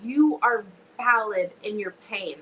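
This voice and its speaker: Bright-voiced, emotional young woman. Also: medium pitch, slow, a little hiss or hum, rough recording. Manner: emotional, swears freely, many restarts. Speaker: podcast guest, wrestler. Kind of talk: casual podcast chat.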